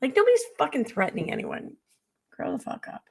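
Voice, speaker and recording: A woman's voice: medium pitch, wildly swooping pitch, fairly quick, gravelly, darkish tone, husky. A woman streamer giving casual reaction commentary, blunt, sarcastic and profane, rambling as she reacts to clips.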